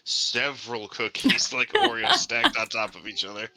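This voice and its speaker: A man playing a tabletop game in character, making playful deadpan jokes. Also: mid-range voice, moderate pace. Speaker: player.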